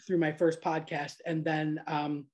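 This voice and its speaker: A woman's voice: low voice, little pitch movement, a little slow, darkish tone, muffled recording. A woman from Florida in her fifties with an American accent, hosting a podcast in a chatty way, laughing often. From Florida, USA. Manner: chatty and laughing, with many restarts. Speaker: podcast host. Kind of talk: casual interview chat.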